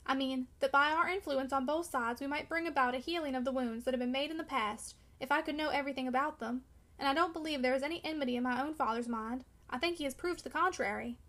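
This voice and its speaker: A woman's voice: high voice, quick pace, fairly bright tone. A woman reading the part of a discouraged young man who speaks impetuously and pleadingly. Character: discouraged, longing young man of twenty-one. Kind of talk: audiobook character reading.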